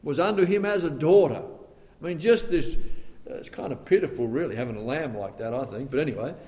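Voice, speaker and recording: A man's voice: fairly high pitch, expressive, a little fast. Male preacher, conversational asides, dramatic dynamics, ringing hall reverb. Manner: dramatic swings from loud outbursts to hushed tones; conversational asides between scripture quotes. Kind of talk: sermon. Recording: long reverb of a large hall.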